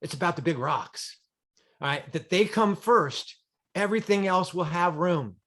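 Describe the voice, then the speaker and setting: A man's voice: high-pitched, unhurried, a bit bright. A man giving a motivational talk on a group call, telling a story with dramatic, emphatic repetition. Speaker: motivational speaker. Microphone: video call.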